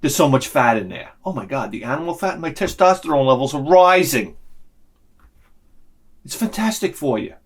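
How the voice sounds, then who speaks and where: A vlogger in middle age, his medium-pitched voice carrying a breathy edge at a moderate pace, rants animatedly in a casual comedic monologue. Along the way he performs lines in other people's voices.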